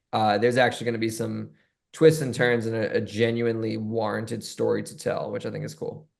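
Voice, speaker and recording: A man guesting on a podcast who tells loose, chatty anecdotes in a relaxed conversational way. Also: mid-range voice, creaky. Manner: chatty storyteller, loose and rambling. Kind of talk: casual anecdote telling.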